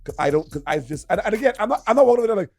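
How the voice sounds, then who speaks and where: A man's voice: high-pitched, rapid-fire, faint music behind. A man co-hosting a radio show, telling stories in casual banter and laughing a lot, into a studio microphone. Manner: animated storytelling with lots of laughter.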